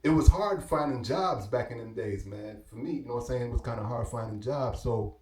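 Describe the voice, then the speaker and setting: A man's voice: mid-range voice, a little fast, mellow, reverberant. A middle-aged man with a Belizean-Caribbean accent telling stories in casual street slang, and acting out the people he quotes. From Belize and New York. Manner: laid-back street slang, acts out quoted dialogue. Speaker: guest. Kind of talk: casual storytelling.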